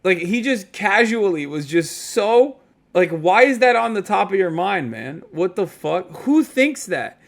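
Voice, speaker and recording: A man, telling a story casually to his stream chat in an animated, incredulous, profane way. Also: high voice, measured pace, gravelly.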